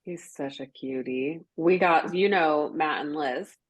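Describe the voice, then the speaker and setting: A woman's voice: low voice, takes it slowly, muffled recording. A woman podcast host, chatting casually with many fillers and frequent laughs. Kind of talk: casual chat.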